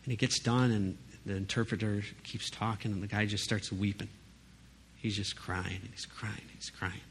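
Man, casual sermon, emphatic, conversational asides, lowish voice, faint noise behind. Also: flat delivery, normal speed. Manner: conversational, emphatic, frequent "you know" and "right?". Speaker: preacher.

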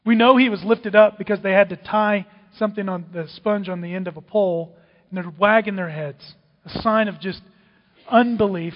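A man preaching a sermon, dramatic, swinging from loud outbursts to hushed whispers. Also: high voice, normal speed. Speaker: pastor. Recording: dull, with long hall reverb.

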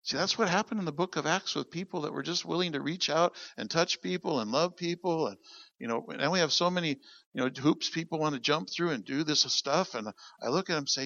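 Speaking a little high and briskly in a gravelly voice, a middle-aged pastor tells stories during his sermon and performs each character's voice with animation. The audio is muffled and has no room sound.

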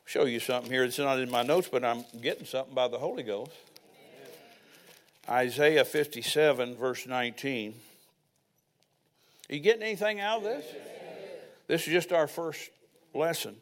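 A man's voice: mid-range voice, normal speed, pauses often. An older man preaching a sermon as pastor, telling personal stories with folksy asides.

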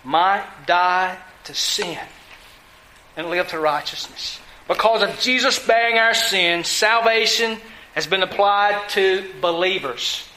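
A man's voice: high voice, slow pace, sharp tone, echoey room, a little hiss or hum, rough recording. A man preaching a sermon, emphatic, asking his listeners questions and answering them himself. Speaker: pastor.

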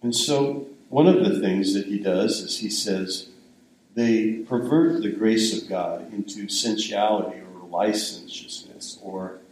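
A man's voice: lowish voice, slow, a little mellow, reverberant, a little hiss or hum, poor audio. An older man giving a sermon in a conversational, rambling storytelling way. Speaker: pastor.

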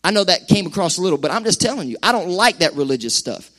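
A middle-aged man preaches in a church sanctuary, his voice sitting high for a man. He talks with animated energy and slips into quick acted-out asides. Sermon delivery to a congregation. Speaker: pastor.

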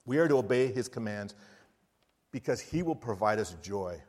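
A large hall's long reverb fills this recording of a U.S. missionary preacher telling a personal story in an earnest sermon. His voice is fairly low, expressive, and a little mellow, at normal speed, and he frequently restarts his sentences.

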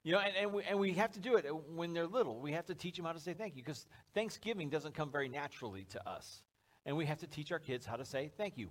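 A pastor preaches to a live congregation at a church service, keeping it conversational and joking and acting out little scenes. He talks fast in a voice on the high side.

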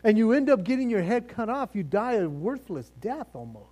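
Male Bible teacher, high and very animated, laughs a lot, acts out the story. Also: moderate pace, soft background music.

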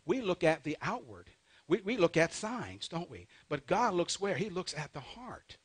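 A man preaching a sermon, calling for responses from the congregation and swelling loud and slow when he reads scripture. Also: high-pitched, no room sound. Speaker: pastor.

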